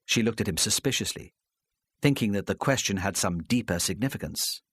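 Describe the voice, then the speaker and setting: A man's voice: on the low side, expressive, a little fast, fairly bright tone, husky, no room sound, clean studio sound. A man reading a crime novel aloud as a narrator, telling the story expressively. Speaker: audiobook narrator. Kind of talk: scripted audiobook narration.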